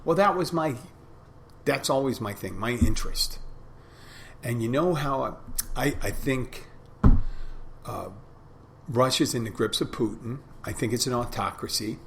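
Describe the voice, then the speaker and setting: A man's voice: medium pitch, unhurried, vocal fry, long pauses, a bit bright, a little hiss or hum. A middle-aged man hosting a podcast, talking through a reflective, rambling monologue with frequent restarts. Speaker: podcast host. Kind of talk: casual monologue.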